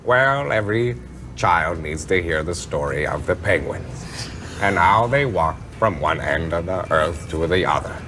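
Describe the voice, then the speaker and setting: A man doing comedic impressions, swinging between slow and very fast talk. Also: sits low, expressive, bright, forceful tone, a little hiss or hum.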